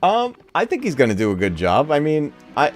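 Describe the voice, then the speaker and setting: A man chatting on a livestream in a lively way, laughing often. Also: fairly high pitch, a little fast, soft background music. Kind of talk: casual livestream chat.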